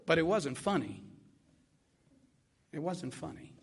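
An older man telling a vivid personal story in an animated, repetitive way. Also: on the high side, takes it slowly, breathy edge. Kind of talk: spoken storytelling.

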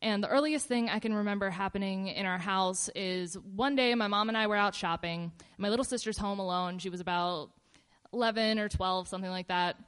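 A woman casually telling a personal story in a relaxed, meandering way, with fillers and pauses. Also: medium pitch, clean tone.

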